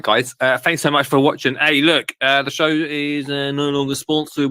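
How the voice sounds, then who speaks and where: A man's voice: mid-range voice, bright, forceful tone, no echo. Chatty British man, dry sound. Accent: British English. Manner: chatty, joking asides. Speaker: podcast host. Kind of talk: casual watch-along commentary.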